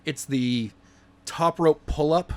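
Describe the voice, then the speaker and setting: A man's voice: a little high, slow. A man co-hosting a casual wrestling podcast, goofy and playful, with joking bursts. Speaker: podcast co-host.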